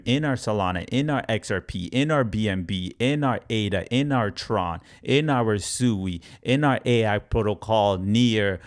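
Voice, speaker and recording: A man with a lowish voice talks through price charts in a casual, energetic way. He repeats his key points and sometimes slips into a mock-panicked trader voice. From Canada. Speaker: crypto YouTuber. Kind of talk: casual market commentary.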